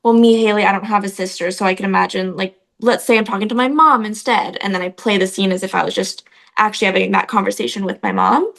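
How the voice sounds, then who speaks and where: A young woman talks casually as a guest on an interview show, her voice at a middle pitch for a woman. She tells stories in a loose, chatty way, peppered with filler words. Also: steady tone, fast, creaky, fairly bright tone. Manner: chatty storytelling, frequent "like" fillers. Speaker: actress, guest.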